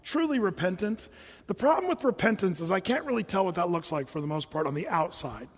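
A man with a high voice preaches to his church in a casual, conversational way. He keeps slipping into the voices of the people he quotes. His words ring out with the long reverb of a large hall. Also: animated, fairly quick, breathy edge. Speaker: pastor. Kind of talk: sermon.

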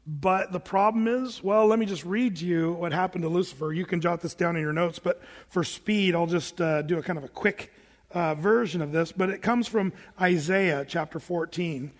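A man's voice: high-pitched, moderate pace, long reverb tail. A man preaching a Bible-teaching sermon in a conversational, plain-spoken way, with casual asides to the congregation. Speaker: pastor.

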